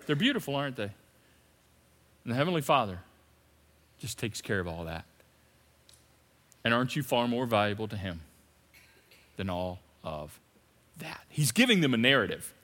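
A man preaching a sermon as pastor, swinging between loud emphatic repetition and hushed asides. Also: on the low side, big pitch swings, moderate pace, pauses often. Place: large church hall. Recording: long reverb of a big hall.

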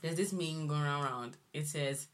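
A woman co-hosting a casual chat, telling stories in an expressive, exclamatory way. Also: sits low, measured pace, background noise. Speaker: co-host.

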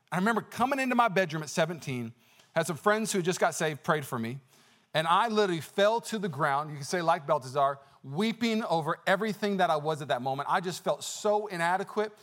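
Fast-talking high-voiced male pastor. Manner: energetic, personal storytelling with exclamations; conversational with many fillers and restarts. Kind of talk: sermon.

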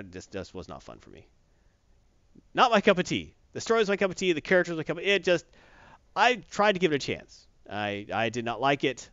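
Sarcastic male reviewer with a slightly high, animated voice, dry lo-fi recording. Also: clear, resonant tone, no room sound. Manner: exasperated, sarcastic, rambling. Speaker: comic book reviewer. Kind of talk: casual opinionated review chat. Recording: dull, lo-fi, dry.

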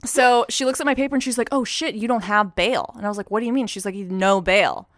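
A young woman telling a casual story, animated and profane, acting out the voices of the people in it. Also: medium pitch, fast talker, no echo, studio quality. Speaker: storyteller guest.

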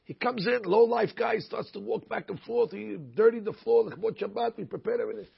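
A man's voice: high voice, steady tone, a little fast, vocal fry, breathy edge, pitched above the performer's own voice, exaggerated voice. A man voicing an indignant housemaid who scolds a visitor. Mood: scolding. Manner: indignant, shouting. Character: shrill scolding housemaid, adult woman. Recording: muffled lo-fi recording.

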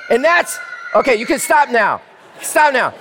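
A man preaching a sermon in church as pastor, animated and speaking directly to the children. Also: very high-pitched, unhurried, big-room sound, a little hiss or hum.

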